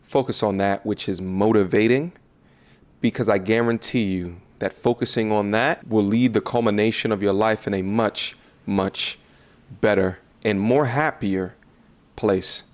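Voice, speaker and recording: A man giving a measured, preachy motivational sign-off to his channel. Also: on the low side.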